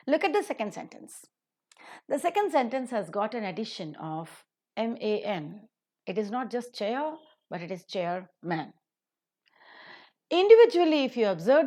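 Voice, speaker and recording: A woman teaching English pronunciation in a recorded lecture, speaking carefully and slowing down to model example sentences. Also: medium pitch, darkish tone. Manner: careful, deliberate, slows down to demonstrate example sentences.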